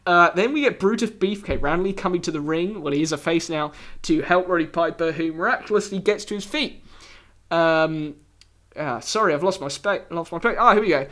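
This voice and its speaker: A man's voice: fairly high pitch, a little fast, fairly bright tone. A man hosting a solo review podcast, talking casually with many fillers, restarts and wry asides. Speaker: podcast host reviewing wrestling.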